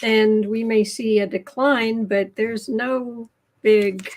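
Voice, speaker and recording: High-voiced woman chatting on a livestream. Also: fairly even intonation, slow pace, a little hiss or hum. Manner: chatty, laughs easily, talks with her mouth full. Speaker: tarot reader co-host. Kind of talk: casual livestream chat.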